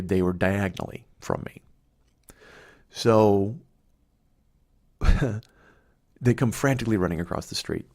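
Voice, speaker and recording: A man's voice: deep voice, a little mellow. A middle-aged man hosting a podcast, telling a rambling, profane comedic story in a conversational way. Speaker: podcast host.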